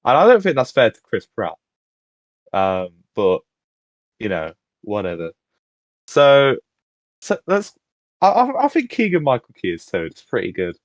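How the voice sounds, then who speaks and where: A man's voice: mid-range voice, wildly swooping pitch, a little slow, pauses often, no room sound. A man co-hosting a podcast in casual chat, rambling with frequent restarts. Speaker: podcast co-host.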